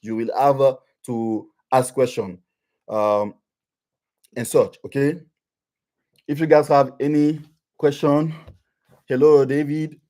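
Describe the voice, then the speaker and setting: A man's voice: mid-range voice, steady tone, warm tone. A man from Benin with a French accent, hosting a live Q&A stream and giving advice with frequent restarts and fillers. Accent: French-accented English. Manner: halting, many restarts and fillers. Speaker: livestream host. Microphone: livestream webcam.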